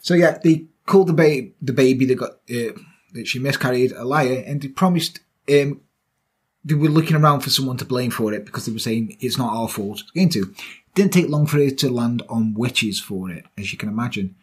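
A man with a husky voice co-hosting a casual true-crime podcast, reading out the case and then joking and laughing with his co-host. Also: medium pitch, brisk. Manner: reads the case notes, then jokes and laughs with his co-host, swearing freely.

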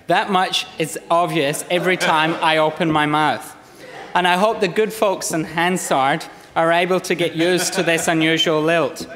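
Man with a soft lowland scottish accent, formal speech in parliament, slightly raised pitch, long chamber reverb. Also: steady tone. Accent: lowland Scottish, softened by Australia. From Scotland. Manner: measured, read-out oratory with occasional slips. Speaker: member of parliament.

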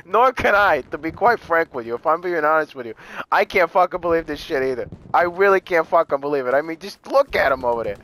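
A man's voice: fairly high pitch, animated, quick pace, fairly bright tone, poor audio. A man chatting casually with friends while playing a game, swearing a lot and laughing often. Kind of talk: casual gaming chat.

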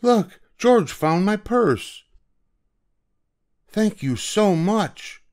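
An older man voicing a fussy middle-aged aunt who speaks in a drawn-out, fluttery way in a storybook reading. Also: a little high, very animated, voice pushed up, heavily acted. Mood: flustered.

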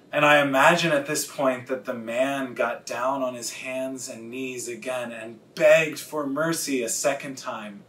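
A man, a pastor, preaching a sermon in an earnest, confessional way and slowing down to stress key words. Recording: echoey room, distant mic, faint rumble.

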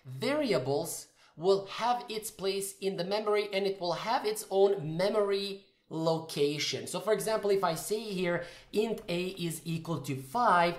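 A man giving a casual coding tutorial, thinking aloud and correcting himself as he types. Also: high voice. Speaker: programming tutor. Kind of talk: screen-recorded coding tutorial. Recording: roomy echoey room.

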